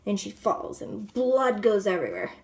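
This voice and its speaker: A woman's voice: medium pitch, wildly swooping pitch, moderate pace. Rambling woman vlogger telling a story. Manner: rambling, full of "like" and "you know"; drops to a soft whisper at times. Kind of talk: casual storytelling.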